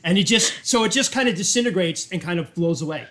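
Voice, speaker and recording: A man's voice: sits high, expressive, fast talker, fairly bright tone. A man narrating as game master in a tabletop role-playing game, casual with lots of fillers. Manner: casual, rambling, many fillers.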